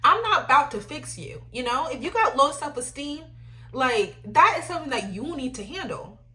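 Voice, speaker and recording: A young adult woman hosting a podcast, giving emphatic faith-based advice in a lively, ranting way, often asking "you know what I'm saying.". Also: high voice, moderate pace. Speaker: podcast host.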